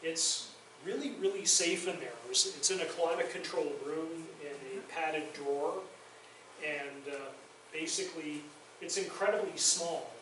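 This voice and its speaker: A man's voice: fairly high pitch, measured pace, a crowd in the background. A man giving a public lecture in a university lounge, telling chatty, self-deprecating stories about his filmmaking. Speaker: guest lecturer and documentary filmmaker. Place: university faculty lounge, indoors. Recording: very echoey room, voice far from mic.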